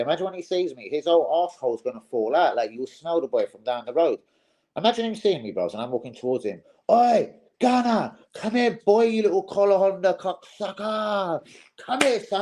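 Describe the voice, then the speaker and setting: A man's voice: mid-range voice, dark tone, rough recording. A young man hosting a casual live stream, swearing freely and calling his viewers "bros".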